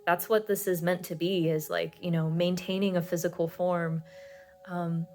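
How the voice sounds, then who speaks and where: A woman's voice: fairly low pitch, little pitch movement, normal speed, darkish tone. A woman giving a pick-a-card tarot reading, talking in a soothing, reassuring way with many fillers.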